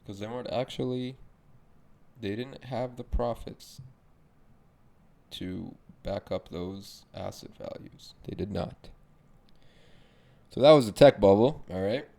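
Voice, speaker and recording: A man's voice: fairly low pitch, slow pace, vocal fry, long pauses, warm tone. Profane ranting young man podcaster. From Arab background. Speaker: podcast host. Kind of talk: casual monologue rant.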